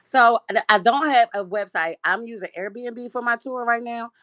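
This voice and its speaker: A woman's voice: on the high side, normal speed, fairly bright tone, no room sound. A woman calling into a talk show, chatting in a friendly, upbeat way. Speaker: caller. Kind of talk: casual chat.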